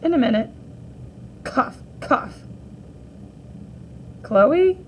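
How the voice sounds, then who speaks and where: A woman teacher reading a graphic novel aloud for children, gently voicing each character in turn. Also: mid-range voice, measured pace, slight background noise, low-quality recording.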